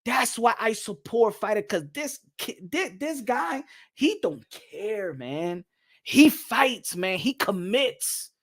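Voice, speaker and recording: A man hosting a boxing show, talking in an animated, rambling way and slipping into Spanish. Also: high-pitched, slow. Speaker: boxing podcast host. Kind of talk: casual boxing commentary.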